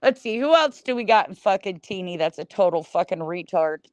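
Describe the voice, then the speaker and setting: A woman's voice: lowish voice, expressive, brisk, dry recording. A middle-aged woman streaming a blunt, scornful rant, swearing in nearly every sentence. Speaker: livestreamer. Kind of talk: profane livestream rant.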